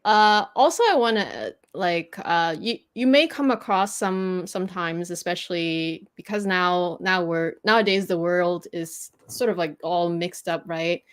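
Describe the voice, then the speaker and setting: A woman's voice: fairly low pitch, measured pace, few pauses, clean tone. A woman whose first language is French, patiently teaching pronunciation in a casual livestream chat. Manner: patient, explains at length with restarts.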